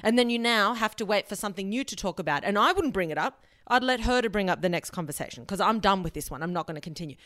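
A woman hosting a podcast, giving blunt, animated advice and swearing freely. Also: medium pitch, fast talker, dry recording, studio quality. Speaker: podcast host. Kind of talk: casual advice monologue.

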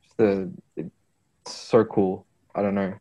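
A man's voice: deep voice, level tone, slow, warm tone, rough recording. A man rambling casually about songs on a podcast, hunting for words. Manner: rambling, lots of fillers and restarts. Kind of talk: casual music chat.

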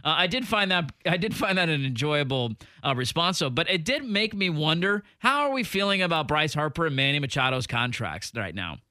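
Man, sports talk host, bright voice, dry studio sound, chatty, quotes stats. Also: a little high, lively intonation, brisk, hardly any pauses, dry recording. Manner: chatty, laughs often, reels off stats. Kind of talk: casual sports radio chat.

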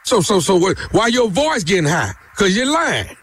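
A man's voice: high voice, big pitch swings, moderate pace, fairly bright tone, slight background noise, full character voice. A man playing an angry male night-shift worker who threatens a coworker in a radio prank phone call, talking in a confrontational, repetitive way with street slang. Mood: taunting. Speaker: prank caller, radio host.

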